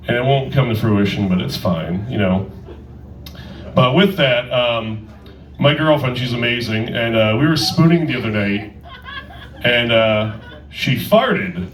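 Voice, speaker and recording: A man's voice: mid-range voice, a bit bright, reverberant, far from the mic, rough recording. A man doing a stand-up set in a comedy club, with a crude, rambling, self-interrupting delivery.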